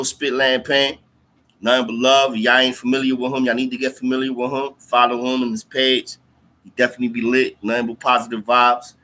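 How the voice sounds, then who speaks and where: A man talks straight to his viewers in loose, profane street slang and calls them bro and twin. His voice is bright and edgy, with a middle pitch. He repeats lines to drive his point home. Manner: animated, repeats lines for emphasis. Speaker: livestream host talking to viewers. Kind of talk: casual storytelling chat.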